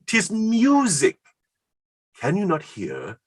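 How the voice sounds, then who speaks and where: A man reading the part of an excitable, word-smitten Elizabethan poet in a staged play reading, rhapsodic and quick to laugh. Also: sits high, crowd noise, heavily acted. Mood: rapturous.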